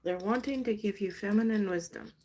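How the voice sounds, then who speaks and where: A woman's voice: medium pitch, a little fast, warm tone, a little hiss or hum. A woman hosting a casual live stream, chatty and gushing as she pulls cards for a viewer. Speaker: live stream host doing card readings.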